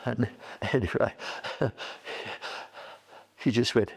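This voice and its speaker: A man's voice: medium pitch, fairly even intonation, slow, creaky, slightly rough. An older man, a former college staff member reminiscing in an interview and telling chatty anecdotes.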